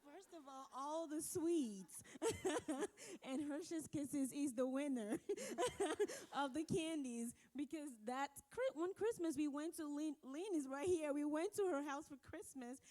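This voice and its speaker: A woman's voice: high-pitched, lively intonation, a little slow. A young woman from Africa, laughing and tearful as she shares her story with an audience. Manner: laughs often, soft-spoken. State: laughing and crying. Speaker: college student, guest. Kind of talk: casual chat with an audience.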